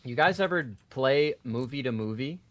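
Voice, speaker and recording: Lively, jokey male game caster. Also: medium pitch, moderate pace, dry recording. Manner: animated and jokey. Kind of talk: casual stream chat.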